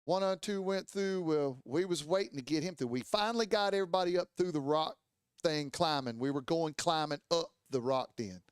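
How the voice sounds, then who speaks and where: A man tells a rowdy trail story in a fairly high voice, swearing freely and acting out his friends' yelps and lines. The sound is close and dry, with no room around it. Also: moderate pace, clean tone, dry recording. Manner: animated, profane, acts out voices and sounds. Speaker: podcast storyteller. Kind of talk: casual storytelling. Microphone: studio mic.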